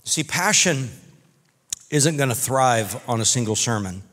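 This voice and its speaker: A man preaching a sermon as pastor, telling folksy stories in an animated way. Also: mid-range voice, a little slow. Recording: reverberant church hall.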